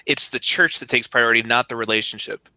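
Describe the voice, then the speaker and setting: A man's voice: mid-range voice, steady tone, fast talker, bright, forceful tone, no room sound. A man co-hosting a podcast, reading passages aloud and breaking in with indignant, joking comments. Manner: reads passages aloud, then adds indignant asides. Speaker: podcast co-host.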